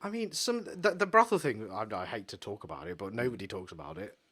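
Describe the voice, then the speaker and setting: Brief: young English man, podcast co-host, bright forceful tone, lively blunt sweary chat. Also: on the low side, fast. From England. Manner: blunt, sweary, animated storytelling. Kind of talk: casual chat.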